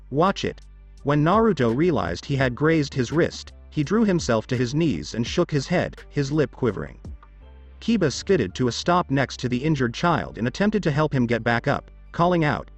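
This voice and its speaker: A man reading a story as scripted narration, with small shifts of voice for quoted children. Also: mid-range voice.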